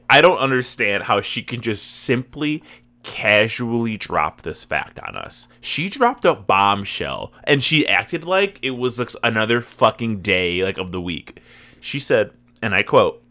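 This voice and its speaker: A man hosting a casual gaming podcast, telling stories in a lively way and swearing freely. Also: lowish voice, unhurried. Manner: animated storytelling, swears freely. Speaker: podcast host and guild recruiter.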